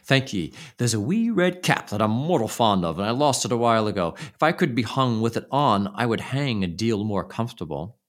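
A man's voice: medium pitch, sing-song, fairly quick, hardly any pauses, lightly acted. A man voicing a frightened, grumbling young peasant in a storybook tale. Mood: pleading.

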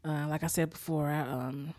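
A woman's voice: low-pitched, normal speed, dry recording, studio quality. A woman hosting a podcast, casually retelling a sitcom episode with lots of swearing and laughter, a little worn out. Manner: profane, laughs often, animated storytelling. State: tired after a rough weekend. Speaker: podcast host recapping a sitcom. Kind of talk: casual chat recap.

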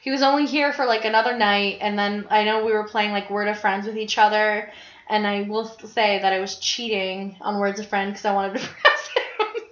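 A young woman casually co-hosting a chat, telling animated stories and swearing freely. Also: mid-range voice, normal speed. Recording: roomy, slightly dull sound.

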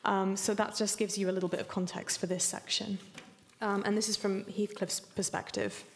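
A woman author reading a passage of her novel aloud at a live event, softly and measured. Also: medium pitch, level tone, slight background noise. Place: event hall with audience. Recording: long hall reverb.

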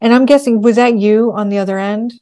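Female podcast host, warm mellow tone, chatty and curious. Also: a little high, fairly even intonation, a little fast. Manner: chatty, thinks aloud with fillers. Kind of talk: casual interview questions.

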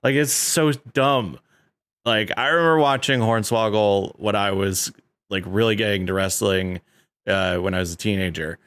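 A man's voice: lowish voice, moderate pace, fairly bright tone, clean tone, no echo, studio quality. A man hosting a casual podcast chat, rambling with lots of fillers and restarts and laughing often.

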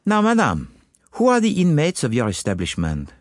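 A man's voice: on the high side, huge pitch swings, moderate pace, no room sound, studio quality, voice pushed up. A man playing a fussy, methodical old detective. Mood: probing. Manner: precise, formal. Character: fastidious, methodical older male detective.

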